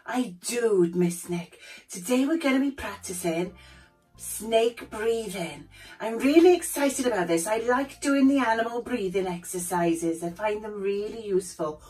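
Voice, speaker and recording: A woman voicing a cheerful puppet who gently teaches children a calm breathing exercise step by step. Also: medium pitch, moderate pace, distant mic, soft background music, lightly acted, poor audio. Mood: encouraging. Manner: gentle, encouraging, explains step by step.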